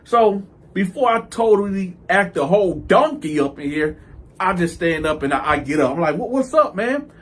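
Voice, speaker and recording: A man's voice: a little high, moderate pace. A man telling a story to camera in a casual, profane way, acting out each scene. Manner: animated, profane, acts out the scenes. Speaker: storytelling video host.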